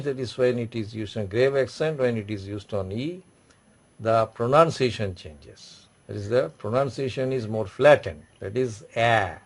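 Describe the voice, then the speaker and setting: A male teacher walks through French marks in that is not his tongue, sounding words out and repeating them. His voice sits at an ordinary middle pitch, and he explains in a patient classroom manner. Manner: repeats words slowly, explaining in non-native English. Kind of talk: classroom lesson.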